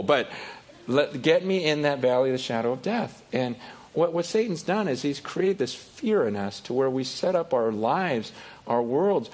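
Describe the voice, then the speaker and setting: A middle-aged pastor preaching a sermon, animated, acting out voices, sometimes dropping to a quiet confessional tone. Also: male voice, slightly rough. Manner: animated, acts out voices with rising pitch and loudness.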